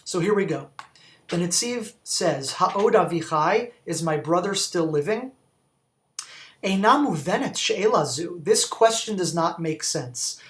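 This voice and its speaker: A man's voice: sits high, lively intonation, unhurried, fairly bright tone. A man, a rabbi, giving a Torah study talk, reading Hebrew quotes and explaining them in English with questions to his listeners. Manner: reads Hebrew quotations aloud.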